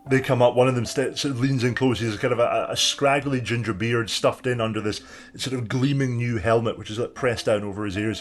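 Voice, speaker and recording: Brief: young male game master narrating a scene, fillers and restarts, soft music behind. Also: mid-range voice, steady tone, fairly quick, few pauses. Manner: descriptive, hesitant, many fillers.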